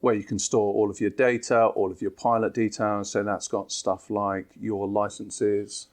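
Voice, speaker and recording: A man, an app developer, calmly explaining new features in an interview. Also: on the low side, moderate pace. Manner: steady, explanatory, with fillers.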